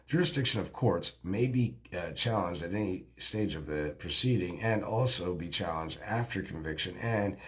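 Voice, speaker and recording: Low-voiced man reading legal citations. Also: animated. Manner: halting, stumbles over case names and citations. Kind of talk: reading legal text aloud.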